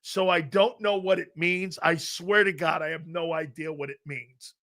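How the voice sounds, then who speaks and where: A man's voice: fairly high pitch, fairly even intonation, moderate pace, gravelly, sharp tone. A middle-aged man hosting a live sports talk show, brash and profane, rambling through chat comments and laughing often.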